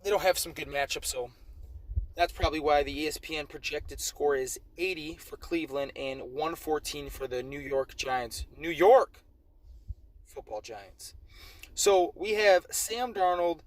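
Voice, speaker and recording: A man with a somewhat high voice runs through a casual fantasy football preview late at night. He sounds worn out and slurs a little. He rambles and corrects himself as he goes. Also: moderate pace, rough recording. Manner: slightly slurred, rambling with self-corrections. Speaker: fantasy football league host. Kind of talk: casual game preview commentary.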